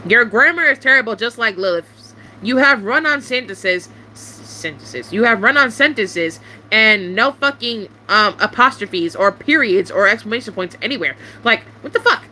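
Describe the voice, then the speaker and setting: A young woman venting to camera in a casual monologue, irritated and swearing often, with sharp rising outbursts. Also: on the high side, lively intonation, normal speed, a little hiss or hum.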